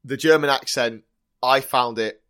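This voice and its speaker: A man co-hosting a podcast, chatting casually and enthusiastically with quick laughs. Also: medium pitch, a bit bright, clean tone. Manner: enthusiastic, quick laughs, restarts mid-phrase. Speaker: podcast co-host. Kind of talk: casual chat reviewing a TV episode.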